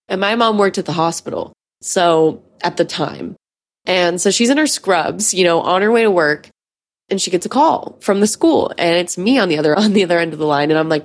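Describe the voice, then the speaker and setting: A young woman in her twenties, a podcast host, telling a long story in a chatty, profane way. Her voice sits a little low, and she keeps it loose with frequent fillers. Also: moderate pace. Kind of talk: casual storytelling.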